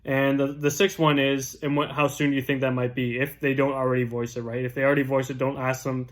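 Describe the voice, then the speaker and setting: Talking fast with a medium pitch and little pitch movement, a young man gives chatty, casual instruction on door-knocking scripts for real estate, repeatedly asking "right?"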